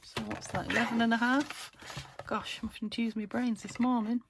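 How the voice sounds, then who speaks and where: A woman from the UK hosting a casual craft tutorial, chatty and self-chiding as she thinks aloud while working, her voice still slightly croaky. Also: a little high, fairly even intonation, a little fast, background noise. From United Kingdom. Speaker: crafting channel host.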